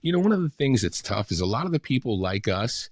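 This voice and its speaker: A man's voice: mid-range voice, big pitch swings, fast, no room sound, studio quality. A man in his fifties, a radio announcer and voice actor, talking enthusiastically as a podcast guest, laughing often and dropping into announcer reads. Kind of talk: casual podcast interview.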